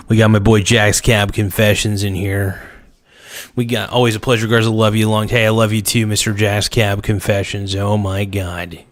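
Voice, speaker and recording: An American man hosts a casual livestream, reading viewer comments aloud and joking back. His voice is on the low side and flat, a slow drawl broken by sudden outbursts as he riffs.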